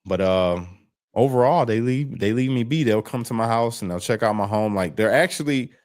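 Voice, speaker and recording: With a medium-pitched, slightly mellow voice at a moderate pace, a man on parole tells his story as a video-call interview guest. The talk is candid and casual, frank and sprinkled freely with swearing.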